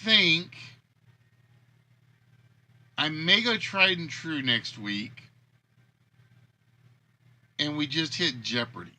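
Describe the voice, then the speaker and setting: A man chatting casually on a livestream, his voice very bright and sharp, sitting a bit high. He rambles and thinks aloud, trailing off and starting over as he goes. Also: drawn-out words, long pauses. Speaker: game show host and creator.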